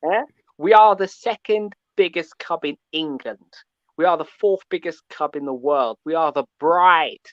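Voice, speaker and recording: A man's voice: a little high, measured pace, no echo, dull audio. A man calling in to a fan show, ranting and tagging his points with "yeah?". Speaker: caller. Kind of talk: call-in fan rant.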